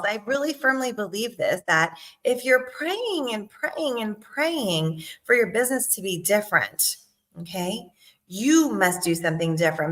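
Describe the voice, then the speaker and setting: A middle-aged woman sales coach talking casually to her viewers, animated and emphatic, with frequent "right?" and "okay?" asides. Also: medium pitch. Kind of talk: casual talk to camera.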